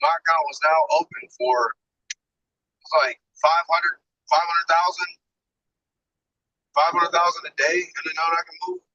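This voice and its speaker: A man in casual chat, telling a profane, animated story and acting out both sides of a phone call. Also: a little high, unhurried, long pauses, dry recording.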